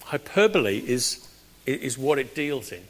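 Man, British preacher, conversational sermon, loud emphatic bursts. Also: medium pitch, sing-song, moderate pace. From Britain.

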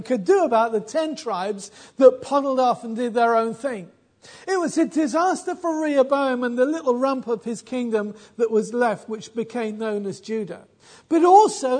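High-voiced man teaching Bible history. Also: a little mellow. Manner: wry, conversational, with frequent restarts.

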